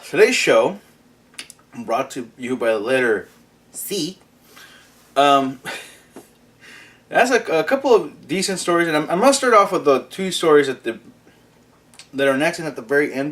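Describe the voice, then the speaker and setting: A man's voice: mid-range voice, a bit bright. A young man from Mexico hosting a casual morning vlog, joking and laughing as he talks. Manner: joking, laughs through his lines. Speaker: vlog host.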